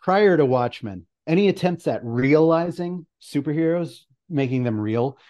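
A man's voice: fairly high pitch, animated, normal speed, darkish tone. Rambling, laughing man on a podcast. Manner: rambling, swears and laughs often. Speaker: guest presenter. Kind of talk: casual podcast chat.

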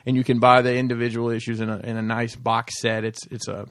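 A man's voice: mid-range voice, flat delivery, quick pace, no echo, clean studio sound. A man hosting a casual podcast chat, rambling with many fillers and restarts.

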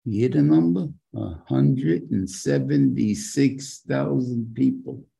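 An older rabbi teaches an informal class, talking casually and asking his listeners questions. His voice is dark, gravelly and husky. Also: fairly low pitch, poor audio. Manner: conversational, asks the listeners rhetorical questions. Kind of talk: informal Torah lecture.

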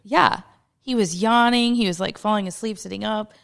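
A woman co-hosting a podcast in loose, chatty conversation. Her voice carries a gravelly, creaky edge. She laughs easily and swears freely as she talks. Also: mid-range voice, moderate pace, a bit bright. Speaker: podcast co-host. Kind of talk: casual chat recapping a movie.

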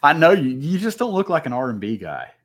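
A man's voice: fairly high pitch, wildly swooping pitch, fast talker. A man in his forties hosting a podcast, asking questions in a casual, joking way. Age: 40s. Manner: joking, laughs often. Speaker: podcast host. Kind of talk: casual chat.

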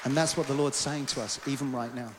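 A man preaching a sermon, reading scripture aloud and rising into loud, emphatic passages. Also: medium pitch, fairly even intonation, fast talker, crowd noise, noisy background. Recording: long hall reverb.

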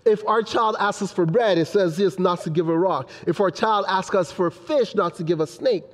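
A young man preaching a sermon in an animated way, acting out his children's voices. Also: high voice, normal speed, long reverb tail. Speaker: pastor.

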